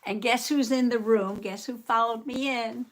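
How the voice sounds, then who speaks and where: A woman's voice: fairly high pitch, steady tone, normal speed. An older woman from Southern Indiana hosting a casual live art stream, greeting viewers by name and laughing often.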